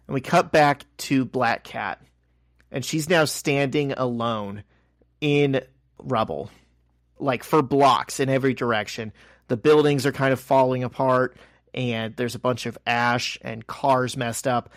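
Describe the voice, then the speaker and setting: In a studio-quality recording without echo, a man co-hosting a podcast retells a comic with animation, voicing the characters' quotes. His mid-range voice keeps a measured pace.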